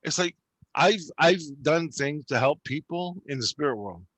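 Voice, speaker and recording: A man casually retelling his spiritual experiences, animated and full of swearing. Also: a little high, moderate pace, no echo. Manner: profane, animated, retells dialogue. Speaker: channel host recounting spiritual experiences. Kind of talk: casual storytelling conversation.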